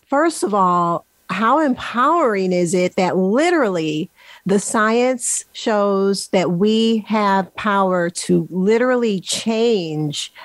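A woman hosting a podcast speaks with emphatic conviction, stressing key words as she recaps for her listeners. Her voice sits at a middling pitch and the recording is close and dry, with almost no room sound. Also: no echo. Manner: emphatic, recaps for listeners, addresses them as folks. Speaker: podcast host. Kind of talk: podcast interview.

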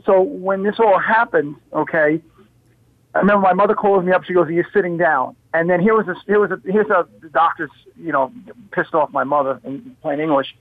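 A man's voice: high-pitched, brisk, no echo. A man telling stories as a guest on a talk show, emphatic and full of rhetorical questions. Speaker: guest, health practitioner. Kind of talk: animated storytelling on a talk show. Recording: dry phone line.

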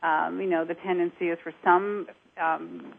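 Woman, accent coach, lower voice, animated, demonstrates accents, phone-line sound. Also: normal speed, gravelly, breathy edge. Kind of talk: conversational interview.

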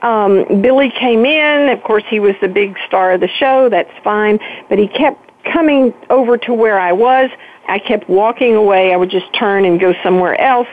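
An older woman, a guest author, telling her story with animated emphasis in a phone-in interview. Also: mid-range voice, normal speed. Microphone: telephone. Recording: tinny phone line.

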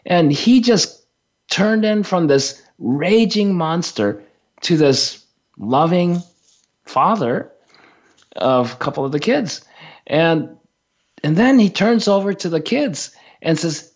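Male storyteller, slow and halting, fillers and restarts, dull radio sound. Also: high voice, lively intonation. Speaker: radio show guest teacher. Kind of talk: storytelling on a talk radio show.

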